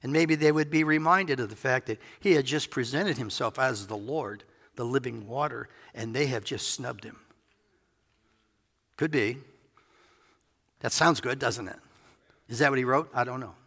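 Gravelly, bright-voiced man preaching in a hall. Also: mid-range voice, moderate pace, pauses often. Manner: conversational, musing, playful asides. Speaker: pastor. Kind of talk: sermon. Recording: reverberant hall.

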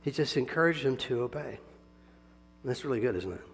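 A male pastor preaching a sermon, animated, swinging between soft asides and loud emphatic bursts, chuckling often. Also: medium pitch, fairly quick, creaky, long reverb tail, soft background music.

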